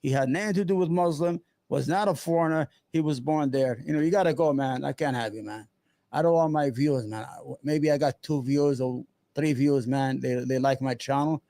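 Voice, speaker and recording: A man's voice: mid-range voice, fairly quick, dark tone, no echo. A man commentating on video clips in a scornful, heckling way, speaking English with many fillers. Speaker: YouTube commentator reacting to clips. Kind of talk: mocking reaction commentary.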